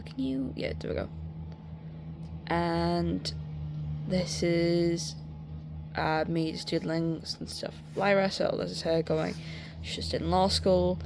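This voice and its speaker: A young woman chatting casually at home through a sketchbook tour, rambling with many fillers and getting excitable. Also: lowish voice, vocal fry, background noise. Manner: excitable, swears in bursts. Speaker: artist showing a sketchbook.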